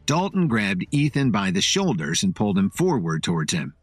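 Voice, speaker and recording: Expressive man narrating a story. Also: lowish voice, normal speed, few pauses, slightly rough, no echo, soft background music.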